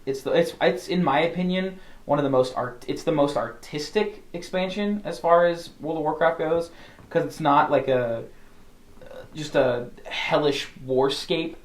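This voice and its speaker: A man's voice: fairly high pitch, moderate pace, reverberant. A man co-hosting a podcast, talking in a casual, enthusiastic, rambling way with lots of restarts. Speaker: podcast co-host. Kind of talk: casual chat.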